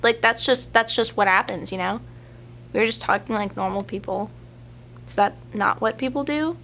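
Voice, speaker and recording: A woman's voice: medium pitch, normal speed, creaky, fairly bright tone, a little hiss or hum. A woman coworker in an office comedy skit, nagging and exasperated as she questions him. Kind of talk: mockumentary comedy acting.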